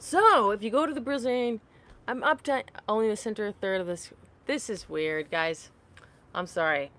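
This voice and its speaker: Talking to viewers on a casual livestream, a woman laughs often, apologizes and wanders off on tangents. Her voice is medium-pitched and fairly bright at a moderate pace, recorded on a phone held upright.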